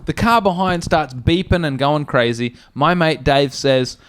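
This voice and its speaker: A man's voice: on the high side, unhurried, clear, resonant tone. A man telling a funny story on a comedy podcast, swearing freely and acting out the people in it. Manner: animated, swears a lot, acts out characters with raised voice.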